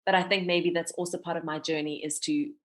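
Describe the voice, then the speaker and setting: Guest: South African woman, thirties, low-set voice, candid and laughing. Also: fairly quick. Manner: candid and expressive, laughs often. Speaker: podcast guest, radio presenter and voiceover artist. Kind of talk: casual interview chat.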